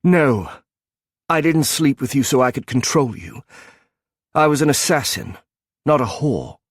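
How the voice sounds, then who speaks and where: A man's voice: mid-range voice, normal speed, breathy edge, dry recording, clean studio sound, voice pushed up, lightly acted. A male narrator voicing a guarded former woman assassin who pleads and argues with rising emotion. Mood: heated.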